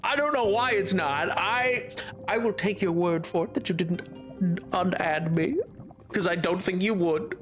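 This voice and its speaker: A man talks casually to his stream viewers while he plays. His voice sits high, and he often stammers and circles back mid-sentence. Soft music plays faintly behind him. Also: measured pace. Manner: rambling, frequent restarts and stammers. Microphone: headphones on while streaming.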